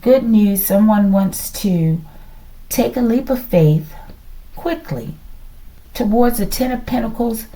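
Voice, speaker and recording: A hyperactive woman talks her way through a tarot reading, thinking out loud. Her pitch swings widely from phrase to phrase, and her voice has a mellow, darker tone. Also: lively intonation, slow, pauses often, poor audio. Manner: hyperactive, musing aloud, keeps saying "collective". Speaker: tarot reader.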